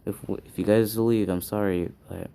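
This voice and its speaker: Man doing a quiet weary orphan teen boy, low voice, mellow tone, subdued. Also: steady tone, moderate pace, gravelly, clean tone. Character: kind, weary teenage orphan boy with wolf powers.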